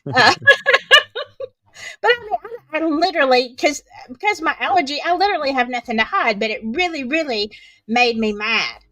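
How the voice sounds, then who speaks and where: A woman's voice: high-pitched, big pitch swings, normal speed, bright, forceful tone, dry recording. A middle-aged woman with a Southern American accent, chatting expressively on a podcast and laughing often. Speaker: podcast co-host. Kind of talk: casual podcast chat.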